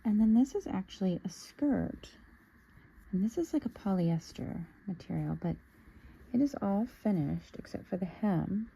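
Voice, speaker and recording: A woman's voice: medium pitch, animated, normal speed, creaky, warm tone, breathy edge, rough recording. A woman casually showing a fabric haul, musing aloud and sometimes dropping to a near-whisper. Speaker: sewing vlogger. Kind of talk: casual show-and-tell haul.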